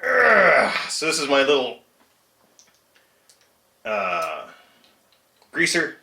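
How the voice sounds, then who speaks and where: A man's voice: mid-range voice, normal speed, sharp tone, roomy sound. A man hosting a casual hobby repair vlog, chatty and self-mocking, chuckling at his own mistakes while he works. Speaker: RC truck hobbyist channel host. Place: home shed workshop.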